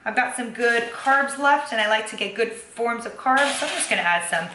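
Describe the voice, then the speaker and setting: Animated and fairly high-pitched at a normal speed, a young woman vlogs her cooking and food tracking in her home kitchen, chatting loosely with frequent "um" and "kinda." She's a fitness vlogger, and the echoey room has a noisy background with faint ambience.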